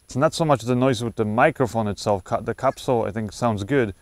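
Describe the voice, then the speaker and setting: A man's voice: mid-range voice, brisk, no echo. A man casually reviewing a wireless microphone, explaining settings with frequent fillers and restarts, recorded on a clip-on lavalier mic. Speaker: gear reviewer. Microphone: wireless lavalier clipped to shirt.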